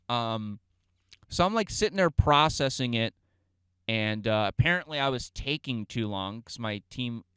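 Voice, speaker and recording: A man telling a comedic story, animated and profane, jumping between loud outbursts and hushed asides while acting out the dialogue. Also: medium pitch, clean tone, dry recording. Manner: profane, self-interrupting, acts out the dialogue.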